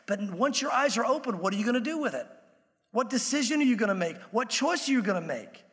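High-voiced male pastor preaching in a hall. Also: expressive, quick pace, fairly bright tone. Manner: conversational preaching, acts out quoted voices. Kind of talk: sermon. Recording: long hall reverb.

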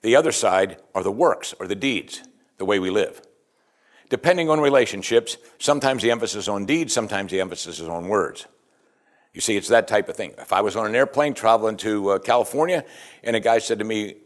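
Male pastor, lowish voice, relaxed conversational sermon with frequent restarts. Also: fairly quick. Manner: conversational, repeats "you see", frequent restarts.

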